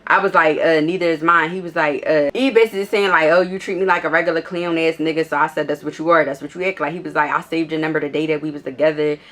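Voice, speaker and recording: Low-voiced sassy woman telling a story. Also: steady tone, fast talker, hardly any pauses, fairly bright tone. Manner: blunt, profane and sassy. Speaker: vlogger. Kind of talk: casual storytime.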